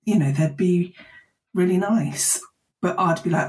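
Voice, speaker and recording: A woman's voice: fairly low pitch, moderate pace. A woman, a podcast guest talking candidly and emotionally in a chatty, self-deprecating way. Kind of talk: candid conversational interview.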